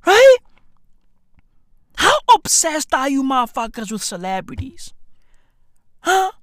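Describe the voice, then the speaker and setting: Brief: exasperated female comic, high voice, mocking and swearing. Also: huge pitch swings, takes it slowly, no room sound, studio quality. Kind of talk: profane comedic rant.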